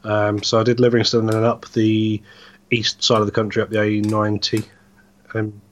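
A man's voice: on the low side, monotone, normal speed. A man co-hosting a casual podcast, telling rambling, easygoing stories about his driving work. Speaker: podcast co-host, truck driver. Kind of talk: casual chat.

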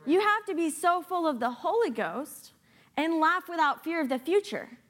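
A woman giving a sermon as a guest preacher, animated and playful, with sarcastic asides. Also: very high voice, normal speed.

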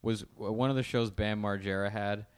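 A man's voice: lowish voice, steady tone, normal speed, clean tone. A man co-hosting a podcast, making dry, mock-earnest jokes in casual chat. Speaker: podcast co-host.

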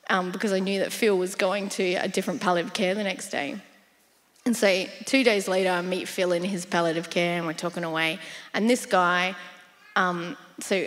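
A woman sharing a personal testimony in a church interview, telling her story in a lively way and laughing often. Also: mid-range voice. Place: church hall. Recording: long hall reverb in church.

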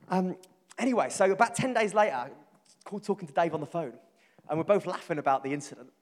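A man with a Birmingham accent preaching a sermon, telling a funny story about a friend with animated, self-mocking delivery. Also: sits high, brisk, long reverb tail. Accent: Birmingham English.

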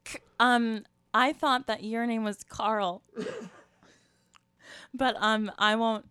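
A woman's voice: fairly high pitch, steady tone, slow pace, sharp tone, clean tone, no echo, studio quality. A woman improvising a hesitant, spacey character in a comedy scene, speaking with lots of ums.

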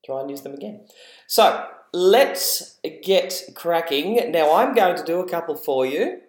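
A chatty, encouraging Australian man hosting a casual educational podcast, self-deprecating and easygoing. His voice sits a touch higher than most men's, and it carries a roomy echo. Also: lively intonation, a little slow. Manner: chatty, encouraging, laughs at himself.

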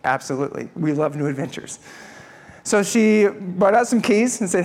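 Male pastor, higher voice, lively humorous storyteller in a sermon. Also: normal speed. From Texas.

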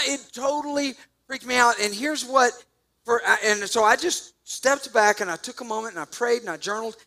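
A man preaching a sermon, telling a story with jokes and sudden loud bursts. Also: sits high, moderate pace. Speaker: pastor.

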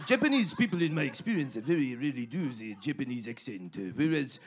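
Pompous professor, put on by a man in improv comedy; gravelly, halting, full of "uh"s. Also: mid-range voice, very animated, slight background noise. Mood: haughty. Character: pompous male professor putting on a Japanese-tinged voice.

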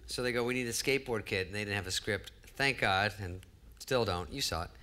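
A man's voice: on the low side, brisk, bright, forceful tone. A man in his fifties, a comedian telling wry, self-deprecating stories on stage before a live audience. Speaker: comedian guest. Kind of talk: storytelling on stage. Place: live audience event hall.

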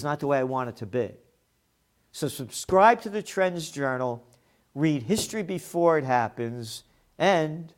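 A man's voice: fairly high pitch, darkish tone. A man hosting a trends commentary show, delivering a combative, sarcastic monologue and swearing when angry.

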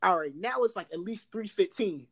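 A young man telling workplace stories in casual chat, animated and laughing, loudly acting out what others said. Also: high voice, moderate pace. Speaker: storyteller.

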